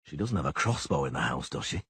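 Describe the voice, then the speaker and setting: A man's voice: very deep voice, sing-song, fast, fairly bright tone, slightly rough, no echo, pitched below the performer's own voice, heavily acted. A man voicing a terse, dry monster hunter in an audiobook. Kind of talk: audiobook character voice.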